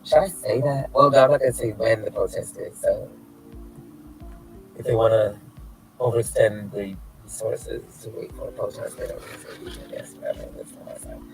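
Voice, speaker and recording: An activist films a street vlog outdoors in front of a building, delivering a flamboyant, theatrical, mocking casual rant to the camera. His voice is fairly low with fairly even intonation at a moderate pace, over faint background music on a rough recording.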